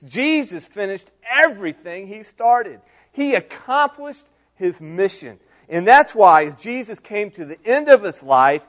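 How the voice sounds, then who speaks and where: A middle-aged male pastor preaching a sermon, moving between soft asides and raised, emphatic lines. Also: sits high.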